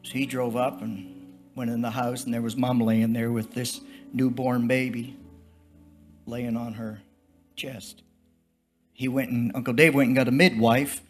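Folksy older preacher with faint music. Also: male voice, medium pitch, flat delivery, unhurried, pauses often. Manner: folksy, rambling, repetitive storytelling. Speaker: traveling preacher. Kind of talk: sermon testimony.

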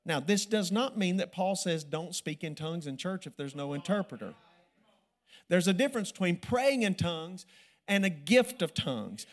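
Man preaching a sermon, rising to loud emphasis. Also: sits high, very animated, normal speed.

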